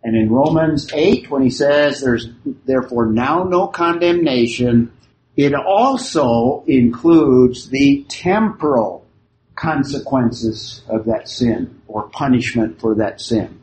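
A man's voice: mid-range voice, lively intonation, slow pace, a little mellow, a little hiss or hum. A man teaching a Bible study class in unscripted talk, often checking that his listeners follow. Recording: echoey room.

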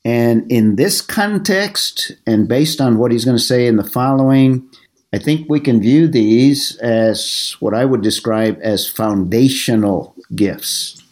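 A middle-aged man leads a Bible study class at an average, even pitch. He explains each point in a measured, methodical way, sometimes pausing to restart a phrase.

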